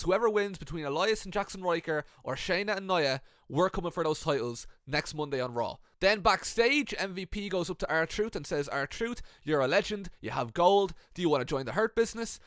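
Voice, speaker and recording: Swearing lad, dry close sound. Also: male voice, sits high, lively intonation, moderate pace, few pauses, a bit bright, no echo. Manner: swears often, acts out the wrestlers' quotes. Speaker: wrestling commentator. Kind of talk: casual storytelling.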